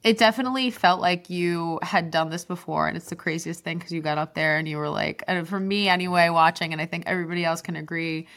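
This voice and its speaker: Low-pitched woman asking chatty questions. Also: steady tone, quick pace, hardly any pauses, a bit bright. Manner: chatty, meandering questions with many "like" fillers. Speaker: producer and interviewer. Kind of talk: casual conversational interview.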